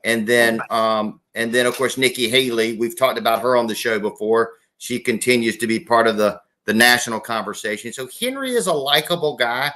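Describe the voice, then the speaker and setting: A man's voice: medium pitch, brisk, hardly any pauses, bright, forceful tone. A middle-aged man from South Carolina, a former state legislator, talking politics as a guest in an interview with folksy self-corrections and restarts.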